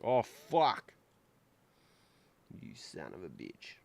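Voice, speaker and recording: A man streaming from his workbench, chatting casually while he solders and crimps. His pace is slow and drawn out, and his pitch bounces all over. He swears freely and jokes crudely. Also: huge pitch swings, creaky, a little mellow. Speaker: maker livestream host. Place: home workbench.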